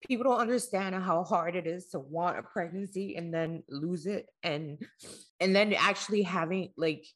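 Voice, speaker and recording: A woman with a notably low voice co-hosts a candid conversation. She talks earnestly and haltingly, doubling back on her words. She sounds like she's in her thirties. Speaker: podcast co-host.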